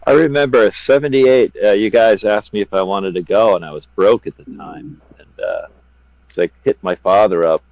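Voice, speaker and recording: A man's voice: on the low side, normal speed, creaky, darkish tone, no echo, lo-fi sound. A man in a casual chat among friends, reminiscing and reacting with wry surprise. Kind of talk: casual banter.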